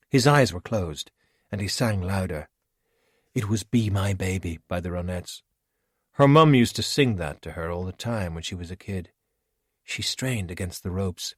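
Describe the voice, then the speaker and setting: A man narrating an audiobook with expressive storytelling. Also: deep voice, normal speed, breathy edge, no echo, studio quality. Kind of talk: scripted narration.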